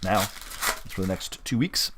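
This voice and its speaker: A middle-aged man from Western Canada, casually commenting as host of a live sports card break and reading out each card with quick upbeat reactions. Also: sits low, expressive, background noise. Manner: chatty, rambling, reads out cards with quick upbeat reactions.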